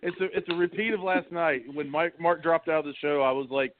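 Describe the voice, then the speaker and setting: A man co-hosting a loose comedy podcast, trading dry, mock-serious asides. His voice sits a little high. The sound is thin and phone-like, with a faint hiss behind it. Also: brisk. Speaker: podcast co-host. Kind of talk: casual comedic chat. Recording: tinny phone-like audio, faint noise.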